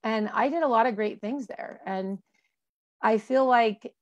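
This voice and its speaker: Speaking a little slowly in a mid-range voice, this Colorado guest in her forties talks candidly about her life during an interview. Her conversation is personal and full of fillers and restarts.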